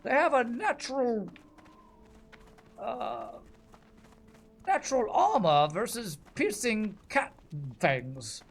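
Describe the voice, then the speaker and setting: Man doing a put-on British accent, older male nature documentary narrator, raised pitch, slow hushed delivery, hammy. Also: very animated, soft background music, full character voice. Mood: hushed, awed.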